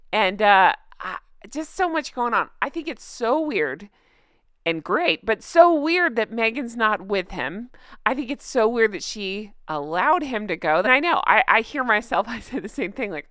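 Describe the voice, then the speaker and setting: A woman's voice: on the high side, pushed and bright, dry recording, clean studio sound. A woman hosting her own channel, chatting in a snarky, gossipy way and laughing often. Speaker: commentary channel host. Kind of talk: casual gossip commentary.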